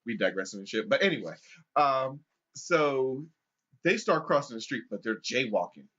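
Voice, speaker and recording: A man's voice: mid-range voice, normal speed. A man co-hosting a podcast who tells a story casually, swears freely and laughs often. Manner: animated, profane, laughs often. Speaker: podcast co-host. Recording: dull lo-fi recording.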